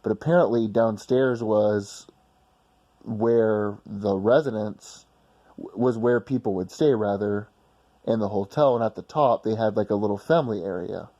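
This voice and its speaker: A man's voice: fairly low pitch, unhurried, mellow, muffled recording. A man casually telling a personal story in a rambling, blunt way with some swearing.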